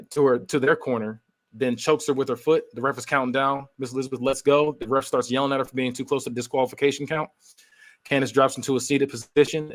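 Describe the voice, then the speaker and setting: A man, a podcast co-host, giving a steady play-by-play recap of an imagined match and filling his pauses with "uh" and "um". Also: mid-range voice. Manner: steady storytelling with frequent "uh" and "um" fillers.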